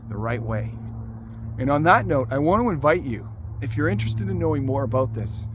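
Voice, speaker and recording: A man's voice: fairly high pitch, background noise. A man hosting a motivational talk for fathers, speaking earnestly and often restarting his sentences. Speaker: life coach and host.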